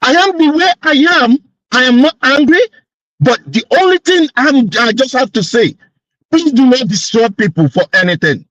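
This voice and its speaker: A man's voice: very high-pitched, animated, normal speed, fairly bright tone, no echo, dull audio. A man arguing insistently as a panelist in a heated online discussion. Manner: insistent, indignant.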